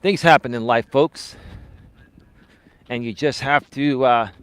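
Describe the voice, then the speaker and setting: A man's voice: mid-range voice, slow, clean tone. A man, a life coach, talking earnestly to viewers on a live stream while out walking, repeating himself for emphasis. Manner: earnest, repetitive, motivational, addresses viewers as folks. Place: outdoors, walking.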